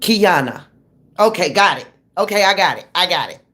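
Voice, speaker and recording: A woman's voice: fairly low pitch, expressive, normal speed, a bit bright. A woman hosting a true crime livestream in a casual, blunt, slangy way, calling out critics and greeting viewers in the chat by name.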